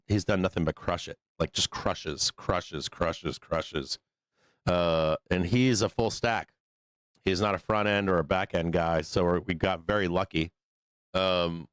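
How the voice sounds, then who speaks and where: Male host, deep and smooth but going hoarse from illness, loose rambling delivery with fillers. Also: dry recording. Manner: rambling, many fillers and restarts, hums to himself. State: losing his voice, still sick. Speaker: live stock market show host. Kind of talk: casual live-stream chat.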